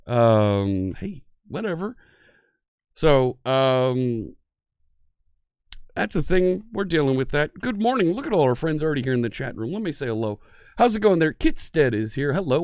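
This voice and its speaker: A man's voice: medium pitch, a little mellow, no echo, studio quality. Chatty man hosting a live stream. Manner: chatty, greets viewers one by one. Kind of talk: casual live-stream chat.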